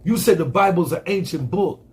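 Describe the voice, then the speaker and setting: Man, impassioned street monologue, raspy, higher pitch. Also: moderate pace, a little mellow. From United States. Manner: fiery, preachy, rhetorical questions, profane.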